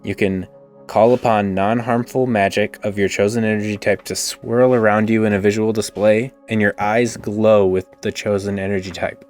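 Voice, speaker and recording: A man's voice: on the low side, level tone, normal speed, darkish tone, faint music behind. A man playing a tabletop game, casually explaining his character's powers at length in a laid-back way. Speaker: player.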